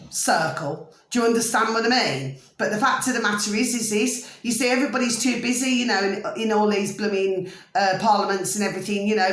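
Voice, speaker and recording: A woman's voice: on the high side, fairly bright tone, echoey room. A middle-aged woman in a rambling casual monologue to her viewers at home, often asking if they see what she means. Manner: rambling, repeatedly asks "do you see what I mean". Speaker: vlogger.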